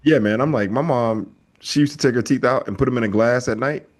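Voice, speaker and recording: A middle-aged man co-hosting a casual podcast, telling stories with lively acted-out voices. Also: medium pitch, fairly quick. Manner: animated storyteller, acts out voices. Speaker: podcast co-host.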